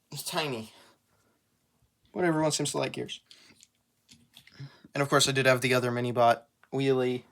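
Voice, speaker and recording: A man's voice: medium pitch, fairly bright tone. A man giving a casual toy review as a small YouTuber collector, rambling and joking at his own expense. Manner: rambling, joking, self-deprecating.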